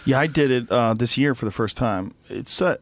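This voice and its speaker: A man's voice: mid-range voice, normal speed, no room sound. A man hosting a casual interview, reflective, with hesitant starts. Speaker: interview host. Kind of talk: casual conversation.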